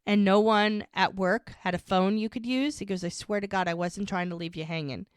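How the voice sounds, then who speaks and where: A woman's voice: mid-range voice, steady tone, normal speed, clean tone, dry recording, studio quality. A woman co-hosting a podcast, recapping scenes in casual chat and acting out the lines she quotes. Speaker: podcast co-host.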